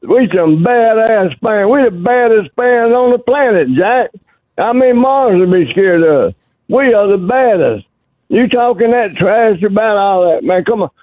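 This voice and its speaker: Brief: rowdy caller, whooping and hollering, high voice over a tinny phone line. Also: male voice, lively intonation, normal speed, no room sound. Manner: loud, boisterous, whooping and hollering. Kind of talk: rowdy trash talk on a call-in radio show.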